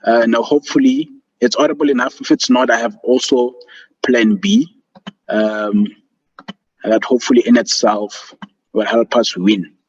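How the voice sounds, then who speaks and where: Over a video call, a man presents a motivational student seminar, earnest and encouraging, with fillers in his speech. His mid-range voice is husky, animated and unhurried, and the call audio is dull and lo-fi.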